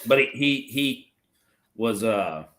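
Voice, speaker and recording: A man's voice: mid-range voice, animated, slow pace, a bit bright. A middle-aged man, a retired Marine officer, telling blunt, profane stories in a casual interview. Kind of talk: casual storytelling chat.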